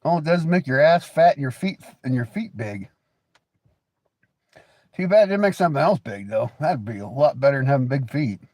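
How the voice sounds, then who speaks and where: A man's voice: mid-range voice, expressive, a little fast, darkish tone, dry recording. A man with an American accent hosting a livestream, teasing and crude in casual banter. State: coughing. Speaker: livestream host.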